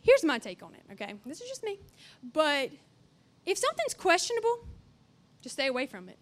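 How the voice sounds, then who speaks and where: Young woman, high-pitched, conversational youth sermon, earnest, playful asides. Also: wildly swooping pitch, brisk. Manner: chatty and earnest, with playful asides and acted-out dialogue. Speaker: youth camp speaker.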